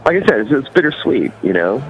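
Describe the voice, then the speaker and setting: A man's voice: mid-range voice, big pitch swings, quick pace, highs cut off, crowd noise. A man with a Californian accent, a musician guest chatting loosely in an interview, rambling and full of fillers. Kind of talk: casual interview chat.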